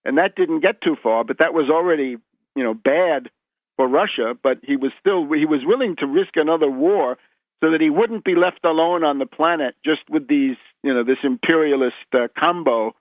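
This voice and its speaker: A man's voice: a little high, normal speed, no room sound. Emphatic man on a tinny phone line. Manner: emphatic lecturing, many repeated words and "right?". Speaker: guest historian. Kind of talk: radio interview.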